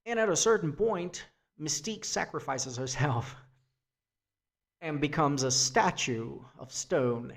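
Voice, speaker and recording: A man's voice: a little high, lively intonation, slow pace, creaky. A man giving a free-form spoken essay, rambling with restarts and casual swearing. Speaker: essay vlogger.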